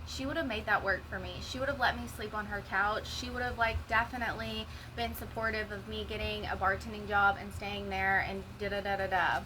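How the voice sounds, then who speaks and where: A woman's voice: mid-range voice, fairly even intonation, fairly quick, few pauses, noisy background. A woman telling her own story in a candid, emotional monologue, swearing freely. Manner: raw, profane, emotional storytelling. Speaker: vlogger sharing a personal story.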